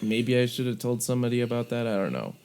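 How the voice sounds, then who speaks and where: A man's voice: medium pitch, sing-song, quick pace, darkish tone, clear, resonant tone. A man co-hosting a podcast, telling a story in a chatty, casual way from his own remote setup. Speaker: podcast co-host. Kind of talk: casual chat.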